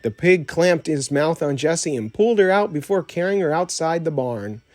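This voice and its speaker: A man narrating a children's storybook audiobook in a measured, plain reading. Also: a little high, lively intonation, darkish tone, dry recording. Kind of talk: storybook read-aloud narration.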